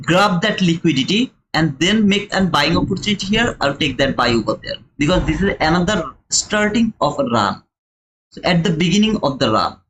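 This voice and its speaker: Over slight background noise and a poor-quality recording, a young streamer with a non-native English accent and a high, somewhat bright voice explains a trading chart live. He goes through it step by step, chatty and repetitive, repeating key points and addressing viewers as brother.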